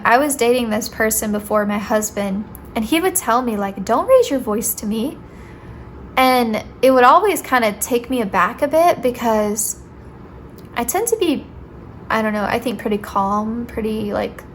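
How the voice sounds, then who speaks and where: There is slight background noise as a young woman with a sweet, fairly high voice does a casual tarot reading. Playful and chatty, she addresses her viewers directly and says "like" often.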